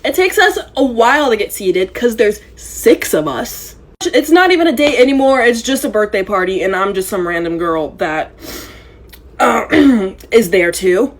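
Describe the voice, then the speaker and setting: A woman recounts a wild date in a storytime vlog. Her voice is high and strikingly lively, leaping up and down as she dramatizes each moment, with an exasperated edge. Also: moderate pace.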